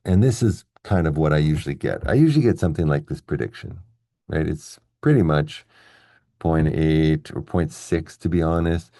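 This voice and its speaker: A deep-voiced man with a gravelly edge teaches an English lesson, walking through each point step by step and checking in with the viewer. His tone is dark and mellow, and the sound is dry and close. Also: normal speed, no room sound. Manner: explains step by step, checks in with "okay?" and "right?". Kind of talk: classroom-style video lesson.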